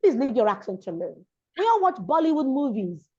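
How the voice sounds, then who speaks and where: In a dull, lo-fi interview recording, a diction and public speaking coach who grew up in Lagos, Nigeria, speaks emphatically and repeats her main points. Her voice is on the high side, brisk, a bit mellow and slightly rough, with big pitch swings.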